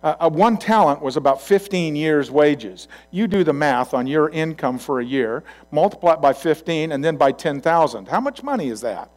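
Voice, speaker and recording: A male pastor giving a sermon in a conversational storytelling way, swinging from loud to quiet asides. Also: on the high side, expressive, normal speed, hardly any pauses.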